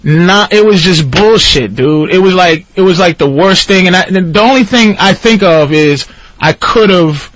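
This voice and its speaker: A man with a fairly high voice tells a long, profane story on a radio show, acting out the people in it. His delivery is animated and loose. The studio sound is dry and close. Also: measured pace, dry recording. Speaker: guest storyteller.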